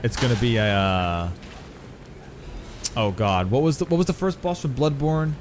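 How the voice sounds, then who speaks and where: A man's voice: medium pitch, normal speed, background noise. A man streaming a video game, chatting casually with his viewers and swearing now and then. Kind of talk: casual gameplay commentary.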